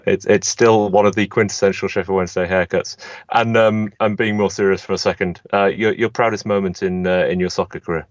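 A man's voice: sits low, steady tone, fairly quick, no echo. A man from England hosting a podcast interview, chatty and a little self-deprecating as he asks questions. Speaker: podcast host. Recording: dry, slightly dull call audio.

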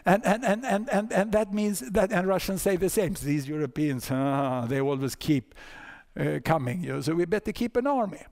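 An older man with a Swedish accent speaks to a conference audience. His voice sits a little high and has a gravelly edge. He tells the story with many asides, "huh?" and "you know", and often stumbles over repeated words. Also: normal speed, a little mellow. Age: 60s. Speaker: lecturer. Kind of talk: conference talk.

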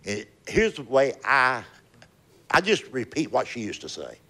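A man's voice: medium pitch, wildly swooping pitch, a little slow, pushed and bright. An older man, telling folksy stand-up stories and chatting. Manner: folksy Southern storytelling, drawling punchlines. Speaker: stand-up comedian. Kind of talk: stand-up comedy set, then chat. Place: comedy club stage.

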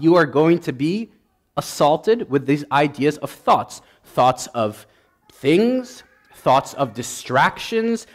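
A male priest preaching a sermon with passion, repeating his points for emphasis until he gets worked up. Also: fairly high pitch. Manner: impassioned, builds to emphatic repetition.

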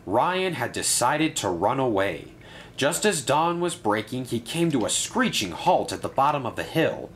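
A man narrating a children's railway story in a steady, descriptive way. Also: medium pitch, unhurried, slight background noise.

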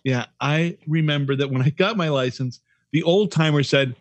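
A man's voice: on the high side, normal speed, dry recording. A man in his fifties, a former radio broadcaster, telling profane, rambling stories while co-hosting a podcast. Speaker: podcast co-host. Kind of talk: casual chat.

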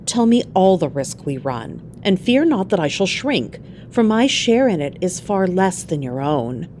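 A woman's voice: lowish voice, big pitch swings, a little slow, a little mellow, slight background noise. A woman voicing a devoted young wife who speaks firmly and earnestly, in a storybook reading. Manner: firm, earnest.

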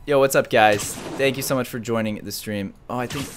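A young man giving excited live commentary as he streams a game, jumping from mumbling to shouts and laughter. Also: on the low side, normal speed, few pauses, faint music behind.

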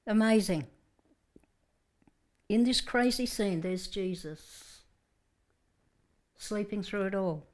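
A woman's voice: mid-range voice, slow, pauses often, a little mellow. A woman preacher telling a Bible story vividly in a Sunday sermon, with frequent restarts.

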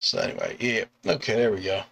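A middle-aged man, a comic artist and bus driver, chatting casually on a live stream, rambling with restarts and chuckles and acting out quoted lines in sudden high yelps. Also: huge pitch swings, fast, gravelly, fairly bright tone, breathy edge. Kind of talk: casual live-stream chat about artwork.

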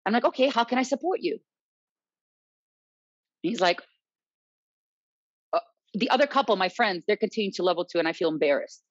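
A woman's voice: mid-range voice, moderate pace, pauses often, no echo. Chatty woman, dull dry recording. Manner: animated, quotes others, tag questions "right?". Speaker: salsa dance instructor, guest. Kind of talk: casual storytelling chat.

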